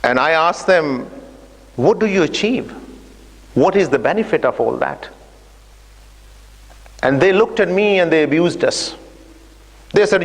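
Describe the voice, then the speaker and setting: A man's voice: fairly high pitch, expressive, moderate pace, pauses often. A man giving a storytelling lecture, narrating an imagined journey and acting out dialogue with hesitant fillers. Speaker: speaker giving an Islamic talk. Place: mosque or community centre hall. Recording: long reverb of a large hall.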